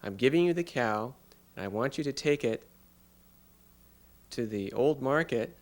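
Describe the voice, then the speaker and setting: A man's voice: mid-range voice, expressive, a little slow, natural voice. A man voicing a mother in a spoken fairy tale, coaxing her son and then scolding him sharply with a raised voice.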